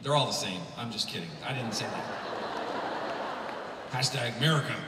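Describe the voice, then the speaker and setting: A man from Canada who is probably in his thirties gives a joking, animated talk to a live youth conference audience as a Christian musician. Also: medium pitch, normal speed, recorded from a distance, very noisy. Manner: animated storytelling, jokey asides, mimics voices. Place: large hall. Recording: echoey hall, mic heard from afar.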